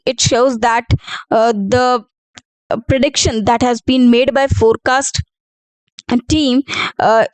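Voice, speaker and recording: A woman's voice: high voice, no echo, poor audio. A woman teaching an English grammar lesson, reading out example sentences and explaining them with fillers and self-corrections.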